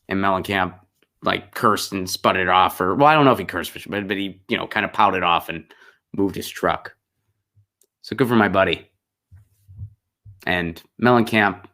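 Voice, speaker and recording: A man in his thirties talks through a loose, rambling monologue, full of "like" and "um" and false starts. His voice sits a little low and has a bright, forceful edge. He slides easily into sarcasm. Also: moderate pace, pauses often. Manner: rambling, sarcastic, many fillers and restarts. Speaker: host. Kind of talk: casual monologue.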